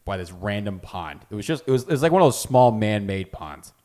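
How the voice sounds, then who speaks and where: A man's voice: sing-song, fairly quick. A young man co-hosting a podcast in casual chat, laid-back and chiming in with short remarks. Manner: laid-back, chimes in with loud high-pitched impressions. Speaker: podcast co-host.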